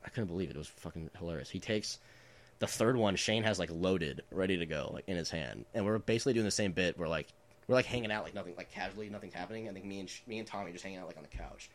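A man's voice: low-pitched, fast. A man in his twenties telling prank stories in a casual chat, rambling with lots of filler words and laughing as he goes.

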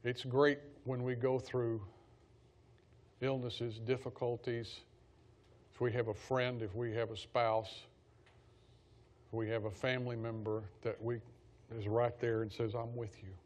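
A man's voice: mid-range voice, flat delivery, measured pace, long pauses, darkish tone. A man teaching a Bible study class in a conversational way, repeating key phrases for emphasis.

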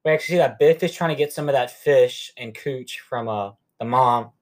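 A man's voice: medium pitch, a little fast. A young man hosting a podcast, casually recapping a movie in a rambling, profane way with lots of fillers. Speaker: podcast host.

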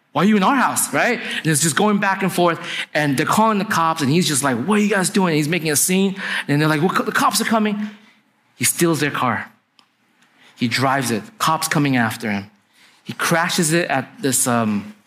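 Slightly high and a bit bright, the voice belongs to a young adult male pastor. He tells his sermon like a story, casually checking in with listeners by asking "right?"

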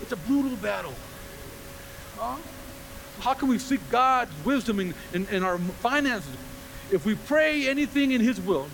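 A man pastor preaching a sermon to a congregation, animated, acting out quoted voices and firing rhetorical questions at the room. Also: extremely high pitch, slight background noise. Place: church before a congregation.

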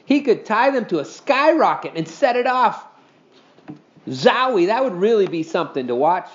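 Animated male storybook reader. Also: sits high, moderate pace, highs cut off. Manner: animated, expressive reading. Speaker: audiobook reader. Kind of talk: storybook narration.

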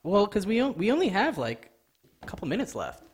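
A man's voice: high voice, wildly swooping pitch, a little fast, a crowd in the background. A young man co-hosting a podcast, laid-back and teasing, laughing often. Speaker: podcast co-host. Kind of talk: casual chat.

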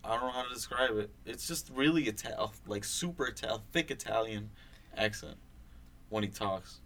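A man's voice: fairly low pitch, expressive, moderate pace, sharp tone. A young man co-hosting a podcast, chatting casually, rambling with lots of fillers and swearing. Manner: rambling, swears a lot, many fillers and restarts. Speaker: podcast co-host. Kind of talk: casual chat.

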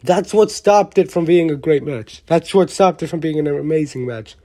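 A vlogger giving a casual, opinionated wrestling show review, rambling and excitable, often restarting sentences and swearing mildly. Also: medium pitch, normal speed. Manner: blunt, with mild swearing.

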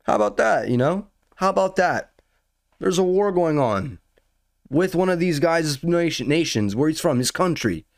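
A man's voice: a little high, lively intonation, normal speed, gravelly, no room sound, clean studio sound. A young man casually telling a rambling, profane story as a podcast host, full of slang and building into outrage.

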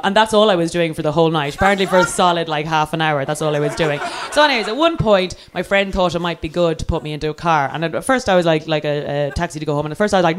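Lively Irish woman telling a comic story. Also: deep voice, quick pace, few pauses, slight background noise. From Ireland. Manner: lively and self-mocking, acts out quoted voices.

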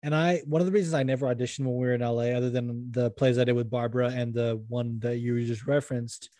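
A young man talks bluntly and casually, cursing in passing. His voice is mellow and flat in pitch, close-miked and dry. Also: fast talker, no echo. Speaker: actor. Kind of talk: casual podcast chat.

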